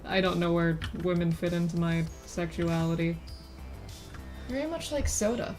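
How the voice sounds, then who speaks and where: A woman's voice: on the low side, moderate pace, a little mellow, soft background music. A woman streaming as a VTuber, chatting casually in a rambling way that keeps interrupting itself with giggly asides. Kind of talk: casual live-stream chat while drawing.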